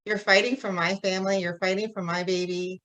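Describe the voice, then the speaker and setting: Emotional woman thanking folks on a video call, bright voice. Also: mid-range voice, fairly even intonation, fairly quick, low-quality recording. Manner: heartfelt, emotional.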